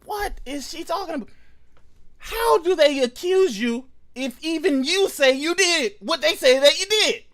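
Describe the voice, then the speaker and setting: Loud profane man ranting. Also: very high voice, animated, unhurried. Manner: loud, profane, mocking rants. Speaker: commentary host. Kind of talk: reaction commentary.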